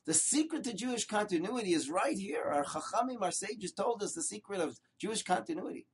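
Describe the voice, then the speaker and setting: An older man, a rabbi, teaching a Torah lesson with lively storytelling, rhetorical questions and short repeated phrases for emphasis. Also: sits high, fairly quick, a little hiss or hum.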